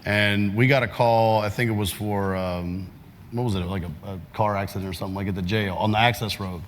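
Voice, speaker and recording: A man's voice: lowish voice, steady tone, brisk. A man on a convention panel, telling a funny story with energy and laughing along. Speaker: panelist, role-play streamer. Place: large convention hall stage. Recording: convention hall with crowd noise.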